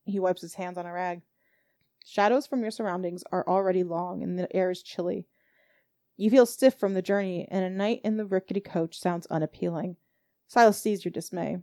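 A woman's voice: fairly low pitch, fairly even intonation, moderate pace, darkish tone. A woman narrating a tabletop game as game master, reading steadily with small stumbles.

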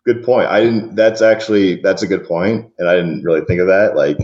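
A man with a West Coast accent chats on a podcast in a lowish voice, rambling and laughing as he loses his thread. The audio is a little dull and lo-fi. His sentences trail off and restart often. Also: a little fast, darkish tone. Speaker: podcast co-host. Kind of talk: casual chat.

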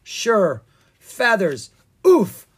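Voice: mid-range voice, very animated, measured pace, slightly rough. A reader voicing a nervous, sarcastic young boy dragon in a children's storybook, speaking in a worried, dry and whiny way. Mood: alarmed. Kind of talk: storybook character voice.

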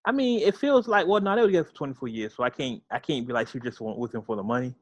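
A man's voice: mid-range voice, racing, dry recording. Slangy man in casual chat, dry sound. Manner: loose, joking, slangy delivery. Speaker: podcast co-host.

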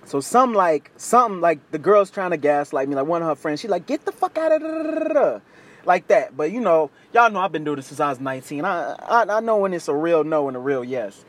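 A man's voice: fairly quick, hardly any pauses. A young man telling a crude, slangy story in casual chat, acting out other people's voices with big jumps. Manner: animated, acts out quoted voices with big pitch jumps; crude slangy street talk.

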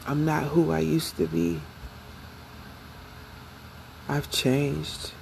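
Slow, gravelly-voiced woman speaking reflectively. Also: low-pitched, big pitch swings, a little hiss or hum, poor audio. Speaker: vlogger. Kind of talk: personal confessional vlog.

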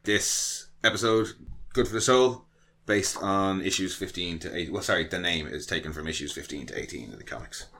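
Bright-voiced man recapping an episode. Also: low voice, fairly quick. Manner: joking, laughs often, reads episode notes. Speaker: podcast co-host. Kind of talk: casual chat.

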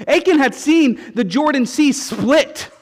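A male pastor preaching a sermon, telling stories with repeated refrains in an animated way. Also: very high voice, a little slow. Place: church sanctuary. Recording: long reverb of a church hall.

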